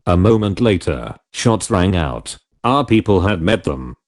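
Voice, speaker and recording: A man narrates a first-person adventure audiobook with measured, dramatic delivery. His voice is low, and his pitch moves widely, giving the telling a lively swing.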